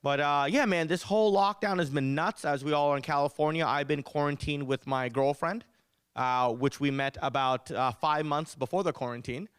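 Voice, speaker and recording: A young man doing a stand-up comedy set, telling animated stories with punchy delivery. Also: a little high, moderate pace, clear, resonant tone, no echo. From United States.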